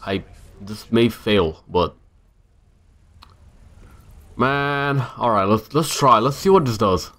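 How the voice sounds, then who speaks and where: A young gamer narrates his own let's-play casually, talking to himself and breaking into exasperated outbursts. His medium-pitched, fairly bright voice is slow and lively in intonation, with frequent pauses.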